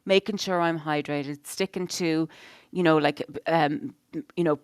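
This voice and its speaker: A middle-aged woman co-hosting a podcast, talking in a loose, rambling way full of "you know"s and blunt swearing. Her voice is smooth and a little low, recorded close and dry. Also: steady tone, measured pace, no echo. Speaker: podcast co-host. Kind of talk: casual chat.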